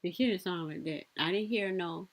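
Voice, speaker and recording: A woman's voice: on the low side, moderate pace. Blunt, sassy woman reacting to clips. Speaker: commentary vlogger. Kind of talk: casual reaction commentary.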